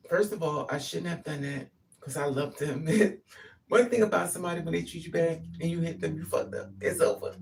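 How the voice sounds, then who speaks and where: A deep, gravelly female voice moves briskly through a personal story told as a casual monologue. She animatedly acts out what others said, and the distant microphone catches faint noise.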